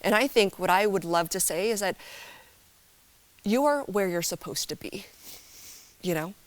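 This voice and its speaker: A woman's voice: medium pitch, measured pace. A woman chef being interviewed on TV, giving advice in a thoughtful, encouraging way. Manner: encouraging, thoughtful, uses many fillers. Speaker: chef guest. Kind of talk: TV studio interview.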